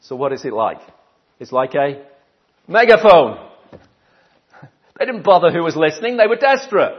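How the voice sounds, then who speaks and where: A man's voice: on the high side, very animated, normal speed, muffled recording. A man preaching a conversational sermon, asking rhetorical questions and repeating key phrases for emphasis.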